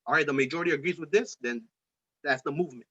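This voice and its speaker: A man's voice: a little high, very fast, sharp tone, slightly rough. A man hosting a casual political podcast chat, talking in a heated, profane, rambling way with many restarts. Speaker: podcast host. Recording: dull lo-fi recording.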